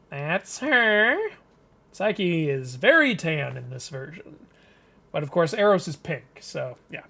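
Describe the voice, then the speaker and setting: A man hosts a casual live comic reading, tossing in joking asides between panels. He talks slowly in a bright voice, and his pitch rises and falls in a lively way. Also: creaky. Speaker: mythology channel host.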